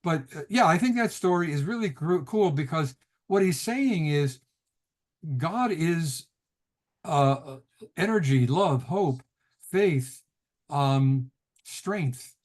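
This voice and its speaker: Middle-aged male rabbi, fairly high voice, casual storytelling lecturer on a video call. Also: lively intonation, slow, long pauses, darkish tone. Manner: chatty storyteller, laughs often, restarts sentences. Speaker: rabbi teaching a class.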